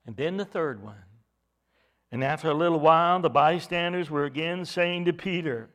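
A man preaching a sermon, expressive, swelling loud at times and dropping soft at others. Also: fairly high pitch, moderate pace. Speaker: pastor.

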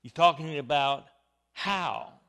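A man's voice: fairly high pitch, slow, sharp tone. A man preaching a Bible teaching sermon, emphatic and stressing key words.

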